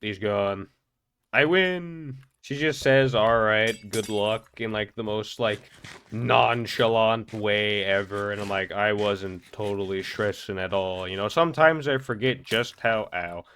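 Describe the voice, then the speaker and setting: A young man with a fairly low voice talks fast and loose, rambling and tripping over his words as he narrates. He sounds wired and energetic from a sleepless night. Faint clicking runs underneath. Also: slight background noise. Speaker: gaming vlogger. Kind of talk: casual commentary over gameplay.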